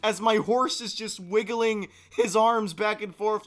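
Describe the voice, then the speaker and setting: A man co-hosting a podcast, telling a story in casual chat and swinging from low mumbling to loud yelling. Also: steady tone, a little slow, hardly any pauses. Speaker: podcast co-host.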